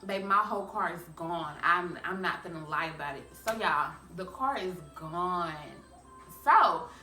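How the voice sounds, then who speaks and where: Animated young woman vlogger, echoey room. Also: lowish voice, measured pace, faint music behind. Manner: animated, chatty, addresses viewers as y'all. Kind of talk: storytime vlog. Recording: echoey room, a bit far from mic.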